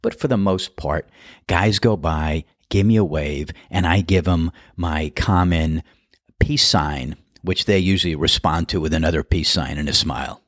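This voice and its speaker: A middle-aged man hosts a podcast and tells stories in a relaxed, chatty, amused way. His voice is very low. It is recorded on a close mic in a dry, dead space. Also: measured pace, no echo. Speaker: podcast host and golf course starter. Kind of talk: storytelling monologue.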